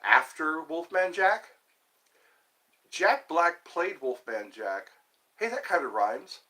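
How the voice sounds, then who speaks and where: Male, 50s, solo stream host, slow meandering talker, sing-song animated delivery. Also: a little high. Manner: rambling, talks to himself, jumps between topics. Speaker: livestream host. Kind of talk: rambling solo livestream chat.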